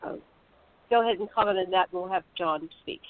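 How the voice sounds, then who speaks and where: Show host, casual interviewer, encouraging, mid-pitched, tinny phone sound. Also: fast.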